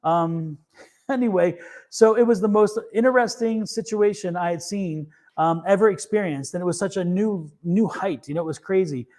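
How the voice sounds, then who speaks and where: A man's voice: sits high, moderate pace, a little mellow. A man hosting a tarot reading show, telling stories casually with many restarts and laughs. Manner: rambling storyteller with many restarts and fillers; laughs easily. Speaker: tarot reader and show host. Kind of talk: casual live-stream chat.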